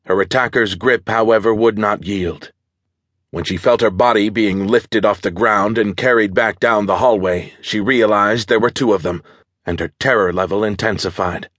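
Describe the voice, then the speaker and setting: A man narrating a thriller audiobook in a measured, steady storytelling manner on a close studio mic. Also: on the low side, no echo.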